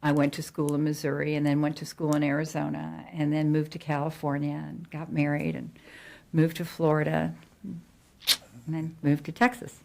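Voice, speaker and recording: Low-voiced chatty middle-aged woman. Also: completely flat delivery, normal speed, creaky, dark tone, a little hiss or hum. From New Jersey. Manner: chatty, frequent fillers and restarts. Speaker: real estate agent. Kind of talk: casual interview chat.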